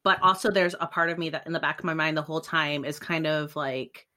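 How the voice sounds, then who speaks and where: A woman co-hosting a podcast, talking in an animated, reflective way. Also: low-pitched, a little fast. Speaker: podcast co-host. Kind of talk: casual podcast chat.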